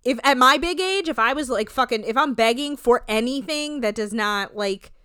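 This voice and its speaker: A woman's voice: fairly high pitch, lively intonation, normal speed, pushed and bright, clear, resonant tone, no echo, studio quality. A woman in her thirties hosting a casual recap podcast, blunt and opinionated, swearing freely and saying "like" a lot. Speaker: podcast host.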